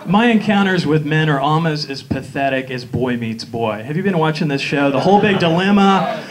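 A man's voice: a little high, animated, moderate pace. A man from Atlanta with a Southern accent doing a campy, sly stand-up comedy routine on a live stage. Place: live stage before an audience. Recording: live show with crowd noise. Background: audience laughter.

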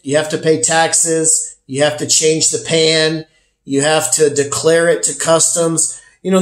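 A man talks straight to his viewers in a chatty, emphatic way and calls them folks. His voice sits slightly above the usual male range. The room around him is echoey. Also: a little high. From United States. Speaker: vlogger. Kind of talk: casual storytelling to camera.

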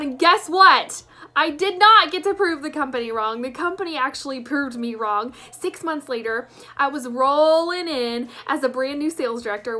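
A woman's voice: high-pitched, sharp tone. A woman, telling her story as a sales director with enthusiastic emphasis. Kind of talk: personal testimonial.

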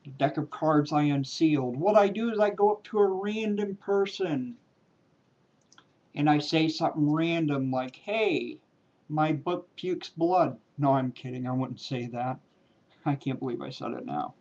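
A man's voice: a little high, darkish tone. A man performing a card trick on camera, talking casually and playfully, joking as he goes, on a dull, lo-fi home video. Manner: playful, jokey, drawn-out emphatic words. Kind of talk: casual talk to camera while doing a card routine.

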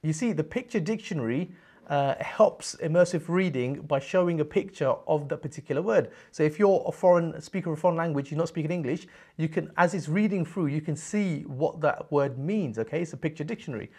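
A man presenting a screen-recorded software tutorial, explaining step by step in an upbeat way with frequent check-ins. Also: fairly high pitch, fairly quick, breathy edge.

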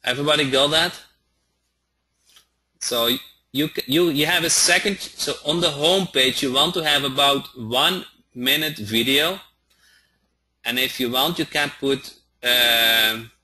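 A man teaching a live online training, speaking haltingly and often checking in with his listeners. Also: mid-range voice, sharp tone, husky. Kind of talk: live webinar instruction.

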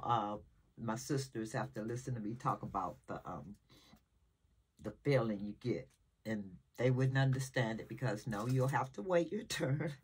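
A husky, rumbling low voice belongs to an older woman, a great-grandmother and vlogger, chatting at home to her viewers. The talk is casual and rambling, emotional and scattered across topics, captured by a camera nearby.

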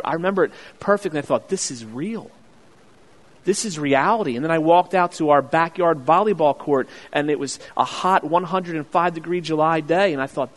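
A man preaching a sermon as pastor, telling a childhood story with acted-out voices and loud excited bursts. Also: fairly high pitch, in a large hall. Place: church sanctuary.

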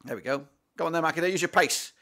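A man hosting a live football watchalong, commentating excitedly as a fan, with swearing, fillers and restarts. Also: on the high side, fast.

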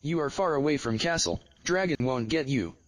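A man voicing a helpful male rescuer in a game map who gives directions in a halting, plain way. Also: mid-range voice, lively intonation, close to an everyday voice. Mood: urgent.

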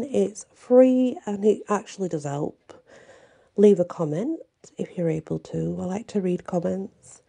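A woman storyteller narrating a folklore tale in a slow, gentle, calm way. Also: mid-range voice, creaky, husky.

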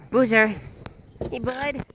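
A woman's voice: on the high side, low-quality recording. A woman filming her pets outdoors on a phone, teasing them playfully with laughs. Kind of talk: casual chat.

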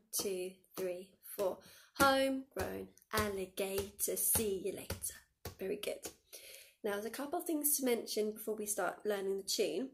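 A woman teaching a song to schoolchildren on video, her voice sitting fairly high. She counts the children in and sings short phrases for them to copy, keeping a steady, encouraging tone. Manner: encouraging, counts pupils in and demonstrates by singing. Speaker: primary school music teacher. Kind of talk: recorded music lesson for pupils. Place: dim room.

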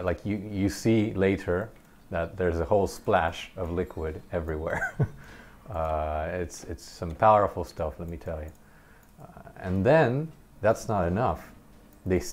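A man casually telling a personal story over gameplay, animated and halting, often laughing between sentences. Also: deep voice. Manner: halting, many restarts. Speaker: gameplay commentator.

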